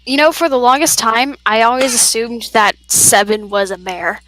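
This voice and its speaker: A woman player at a tabletop game, playful and excitable. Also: on the high side, normal speed, faint music behind. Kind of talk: casual chat at a game table.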